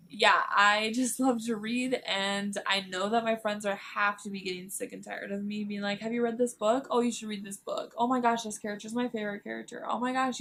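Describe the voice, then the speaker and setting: A woman's voice: medium pitch, gravelly, a bit bright, a little hiss or hum. A young woman chatting casually to camera about books, rambling and giggly. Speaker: book vlogger.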